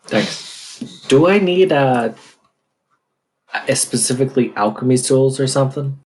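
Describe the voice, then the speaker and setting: A man's voice: medium pitch, expressive, a little slow, darkish tone, a little hiss or hum. A man playing in a tabletop game, asking plain questions of the game master. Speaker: player. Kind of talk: casual chat during a tabletop game.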